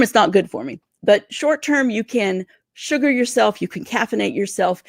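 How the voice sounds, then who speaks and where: A woman career coach giving interview tips in a livestream, talking fast and excitedly. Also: fairly high pitch, creaky, no room sound, clean studio sound. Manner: energetic, talks fast and excitedly.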